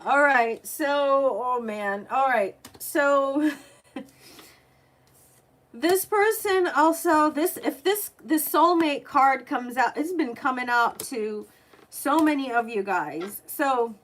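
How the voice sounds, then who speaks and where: A woman's voice: high voice, lively intonation, slow pace, fairly bright tone. A woman tarot reader live-streaming a reading, chatty and openly emotional as she talks to her viewers.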